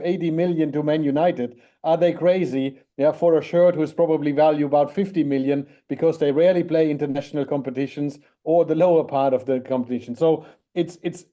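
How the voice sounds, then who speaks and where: A man's voice: a little high, mellow. A man giving blunt, dismissive opinions as a guest on a football talk show. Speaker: guest pundit. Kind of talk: football commentary.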